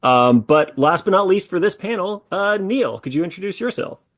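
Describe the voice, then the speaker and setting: A man's voice: sits high, expressive, normal speed, a bit bright, dry recording, studio quality. Upbeat man moderating a panel. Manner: friendly, laughing, upbeat. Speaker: panel moderator, podcast host. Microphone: video call mic.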